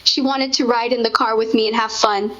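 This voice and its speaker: A woman's voice: a little high, fairly even intonation, brisk, a bit bright. A woman speaking as a grieving mother in a tender, heartfelt conversation. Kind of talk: intimate spoken conversation. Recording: dull lo-fi recording.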